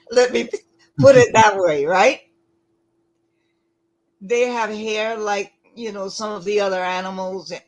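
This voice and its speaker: A woman giving lecture-style commentary, deliberate and emphatic, often pausing to ask rhetorical questions. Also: mid-range voice, steady tone, rough recording.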